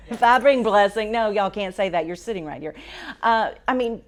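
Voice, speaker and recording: A woman's voice: mid-range voice, animated, normal speed. A woman teaching a Bible study to a live group in a church room, talking casually, asking the group questions and correcting herself as she goes. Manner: conversational, asks the group questions, self-correcting.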